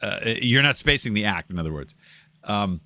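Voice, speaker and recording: A man giving casual commentary on video clips as host. He talks in a halting, stop-start way and keeps pausing to find his place. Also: on the low side, lively intonation, bright, forceful tone, dry recording.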